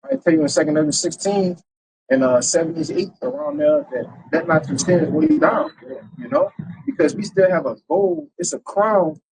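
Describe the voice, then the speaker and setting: A man teaches a Bible lesson in a loose, conversational preaching style, tagging his lines with "man" and "right?" as rhetorical questions. His voice is a little high and his pace moderate. There's background noise.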